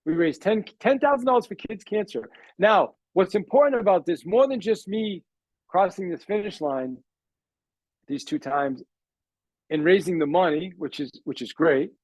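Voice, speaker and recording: A man, a sales trainer, telling a personal story in a motivational talk, animated and acting out the dialogue while calling his listeners "guys". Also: a little high, measured pace, no room sound, rough recording. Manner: acts out quoted dialogue in the story.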